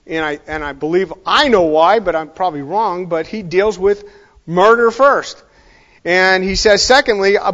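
A man's voice: sits high, fairly bright tone, muffled recording. A man giving an informal verse-by-verse Bible lesson, speaking conversationally and emphatically, drifting into asides and correcting himself as he goes. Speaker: Bible teacher.

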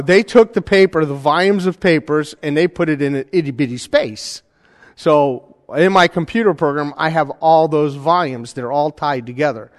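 Guy teaching bible study, kinda high voice, long echo in a big hall, keeps asking if u get it. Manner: conversational, checks in with listeners often. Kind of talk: informal teaching, demonstrating software. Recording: hall reverb.

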